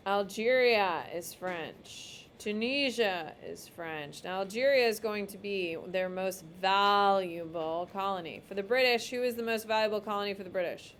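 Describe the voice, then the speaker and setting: A woman's voice: mid-range voice, moderate pace, hardly any pauses, fairly bright tone, a little hiss or hum. A woman teacher giving a casual, emphatic classroom lecture while drawing on a map.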